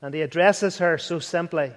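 A man's voice: a little high, moderate pace. A man preaching an earnest sermon, rising to fervent and dropping to near whispers. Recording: long hall reverb.

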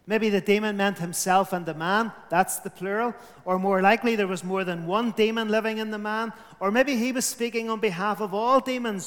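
A man's voice: high-pitched, steady tone, fairly quick, hardly any pauses, fairly bright tone, big-room sound. A man preaching a sermon, emphatic, his volume rising and falling.

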